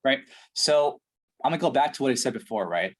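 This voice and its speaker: A man's voice: mid-range voice, expressive, a little fast. A man coaching a salesperson one-on-one on a call, blunt, intense and full of swearing.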